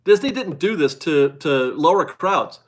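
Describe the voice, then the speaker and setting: A man with a slightly high voice hosts a casual live stream and chats with viewers. He rambles, restarts his sentences and laughs easily. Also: lively intonation, measured pace. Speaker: livestream host reading viewer chat.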